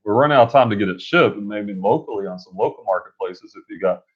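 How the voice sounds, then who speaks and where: A man's voice: fairly low pitch, lively intonation, quick pace, slightly rough. A man co-hosting a casual livestream about reselling, upbeat and reading viewer comments aloud. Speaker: reseller co-host. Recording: dull lo-fi livestream audio.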